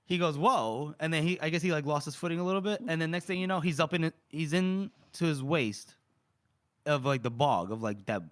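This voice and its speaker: Animated, laughing man retelling a story. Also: fairly high pitch, fairly quick. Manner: laughs often while retelling scenes; acts out character lines in raised voices. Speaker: podcast co-host. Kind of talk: casual book discussion.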